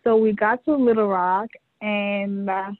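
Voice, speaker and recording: A woman's voice: medium pitch, a little slow, no echo. A woman from New York, a guest telling stories in a casual chat, laughing often. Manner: laughs often, animated storytelling. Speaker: interview guest, fashion show organizer. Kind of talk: casual conversation. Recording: tinny phone line.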